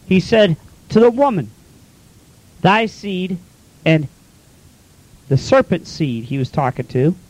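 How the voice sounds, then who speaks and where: Folksy man, preacher, high voice, dry close sound, casual scripture retelling. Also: sing-song, slow, pauses often, darkish tone, dry recording, rough recording. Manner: colloquial, paraphrases scripture in plain talk. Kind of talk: folksy sermon.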